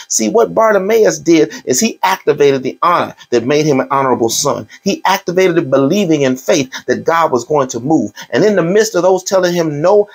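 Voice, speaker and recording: Husky fervent male pastor preaching. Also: fairly high pitch. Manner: fervent, repetitive crying out in prayer. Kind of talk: sermon.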